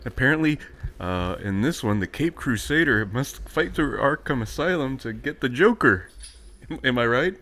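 A man's voice: medium pitch, lively intonation, normal speed, a bit bright. A man hosting a casual podcast, rambling and restarting his sentences, laughing often. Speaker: podcast host. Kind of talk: casual chat.

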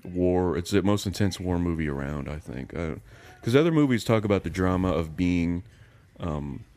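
A man with a very low, deep voice, chatting casually as a podcast co-host. He talks in a flat monotone and tends to ramble, laughing at his own jokes. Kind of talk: casual chat.

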